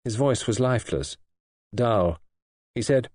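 A man narrating an audiobook with measured, expressive storytelling. His voice swings widely in pitch and has a slight husk. He is recorded dry and close. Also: slightly rough, dry recording.

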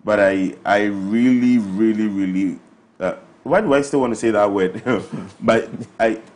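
A man hosting a casual panel chat, talking in lively asides and laughing now and then. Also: fairly low pitch, unhurried. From Ghana. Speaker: host.

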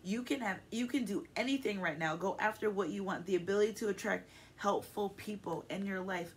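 A woman's voice: mid-range voice, brisk, a little hiss or hum. A woman giving a casual tarot reading to her viewers, effusive and affectionate, often turning emotional and checking in with her audience. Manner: chatty, frequently checks in with "okay?". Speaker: tarot card reader.

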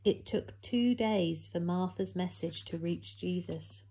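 A woman reading a Bible story to children at a church, with big jumps in pitch and loudness for emphasis. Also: takes it slowly, husky.

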